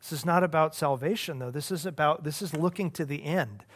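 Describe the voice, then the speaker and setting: His voice leaning high, a male pastor talks earnestly through a Bible study. He speaks conversationally, haltingly, with frequent restarts.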